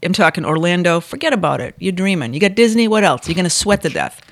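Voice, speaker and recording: A middle-aged woman co-hosting a casual chat, talking fast and cracking jokes. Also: lowish voice, no room sound, clean studio sound. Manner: fast, excitable, wisecracking. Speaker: podcast co-host.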